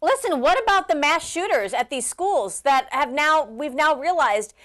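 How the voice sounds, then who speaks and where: A woman hosts a political talk show in a chatty, rambling way. Her voice sits a little high, and she leans on fillers as she goes. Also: lively intonation, normal speed, fairly bright tone. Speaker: host. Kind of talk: casual political commentary.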